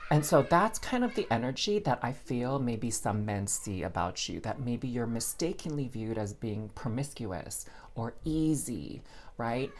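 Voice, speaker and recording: A man's voice: medium pitch, moderate pace, few pauses, slight background noise. A man giving a casual, chatty tarot reading, talking straight to his listeners like friends. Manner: chatty and expressive, addresses listeners as girl and y'all. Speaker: tarot reader.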